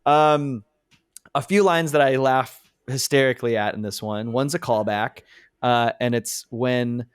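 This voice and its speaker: A man's voice: medium pitch, steady tone, unhurried, clean tone, no echo, clean studio sound. A man co-hosting a casual podcast, talking with enthusiasm and laughing often as he quotes scenes. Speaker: podcast co-host. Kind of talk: casual chat.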